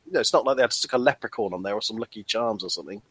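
A man's voice: lowish voice, rapid-fire, a bit bright, slightly rough, dry recording. A man co-hosting a casual podcast, rambling and jokey with many restarts and fillers. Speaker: podcast co-host.

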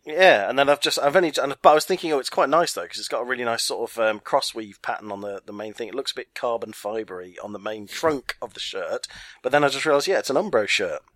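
A man's voice: medium pitch, fast, fairly bright tone, dry recording. Chatty male co-host, dry close mic, joking about shirts. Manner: chatty, jokey, laughs mid-sentence. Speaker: podcast co-host. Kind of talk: casual chat about football kits.

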